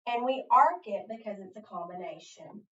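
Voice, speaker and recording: Patient teacher spelling aloud in echoey room. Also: female voice, medium pitch, lively intonation, normal speed, fairly bright tone. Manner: patient, step-by-step, sounding out letters one by one. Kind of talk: phonics spelling lesson. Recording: echoey room, far from mic, dull lo-fi.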